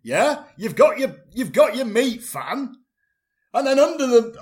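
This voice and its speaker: A man, chatting in a deadpan comedy double act, pedantic and self-assured, rambling with restarts. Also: very high voice, measured pace.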